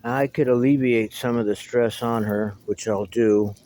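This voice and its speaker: A man's voice: mid-range voice, fairly even intonation, measured pace, dark tone, poor audio. A middle-aged man talking casually to the camera in a meandering, reminiscing way, with wry asides. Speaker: vlogger. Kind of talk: casual rambling monologue to camera.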